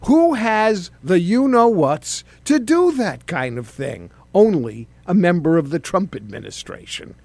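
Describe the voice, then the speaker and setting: Middle-aged man, political talk host, sardonic chatty delivery, slightly high voice, dry close sound. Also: sing-song, measured pace, creaky, few pauses, darkish tone, dry recording. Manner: sardonic, conversational, with fillers. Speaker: talk show host, former congressman. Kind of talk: political commentary show.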